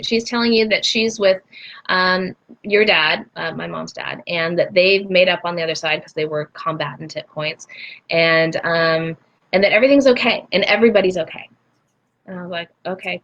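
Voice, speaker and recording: The audio is dull, and her voice runs low. She's a spiritual healer in her forties, a guest in an interview, lively as she recounts something from her own life and acts out each voice in the tale.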